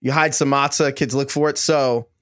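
A man's voice: medium pitch, fairly even intonation, moderate pace, a bit bright, clear, resonant tone, no room sound, clean studio sound. A man hosting a casual sports podcast, asking long, rambling questions full of fillers. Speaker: podcast host. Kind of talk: casual chat.

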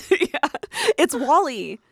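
Bubbly, lively young woman. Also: sits high, very slow, vocal fry, a crowd in the background. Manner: bubbly, giggly, animated storyteller. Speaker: podcast co-host. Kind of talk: casual chat.

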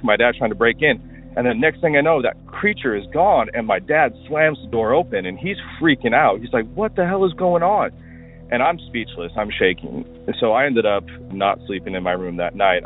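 A man from Washington State calling in to tell a rambling story, full of fillers, as a recorded voicemail. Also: fairly low pitch. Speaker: caller. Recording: tinny phone line.

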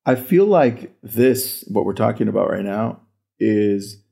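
A man's voice: lowish voice, lively intonation, unhurried, gravelly, warm tone, breathy edge. A man hosting a casual podcast conversation, laid-back and friendly in his wording. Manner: laid-back, uses "dude" and "bro". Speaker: podcast host.

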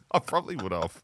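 Animated Australian man, hungover storyteller. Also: on the low side. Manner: animated storyteller, laughs mid-sentence. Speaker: podcast co-host. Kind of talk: casual podcast chat.

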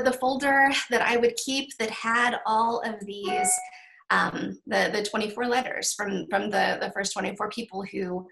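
Gravelly-voiced woman author, halting and candid. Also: medium pitch, pushed and bright, rough recording. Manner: halting, with many restarts and ums. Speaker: author guest. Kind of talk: candid interview conversation.

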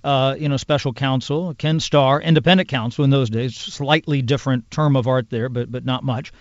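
A man who is a congressional news producer, explaining in a measured, detailed way as a podcast guest. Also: medium pitch, steady tone, no room sound. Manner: measured, explanatory, piles up clauses and examples. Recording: dull lo-fi sound.

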